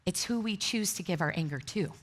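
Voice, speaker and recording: A woman's voice: lowish voice, animated, a little fast. A middle-aged woman pastor giving a sermon, telling candid, self-deprecating stories to a congregation. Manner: candid, self-deprecating storytelling with frequent laughter. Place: church sanctuary before a congregation.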